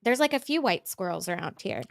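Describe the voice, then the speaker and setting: A woman's voice: mid-range voice, animated, a little fast, gravelly, dry recording. A woman hosting a livestream, chatting casually and rambling with lots of "like". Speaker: YouTube livestream host. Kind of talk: casual chat.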